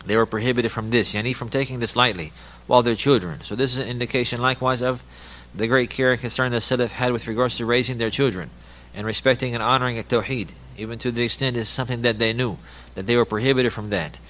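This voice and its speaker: A man's voice: mid-range voice, steady tone, quick pace, fairly bright tone, a little hiss or hum. A man teaching from a religious text, reading passages in Arabic and then translating and explaining them with many repetitions and restarts.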